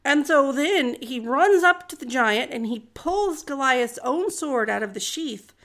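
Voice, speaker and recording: High, creaky-voiced chatty woman storyteller. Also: animated, measured pace, a bit bright. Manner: chatty, jokey, slangy. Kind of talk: casual story retelling.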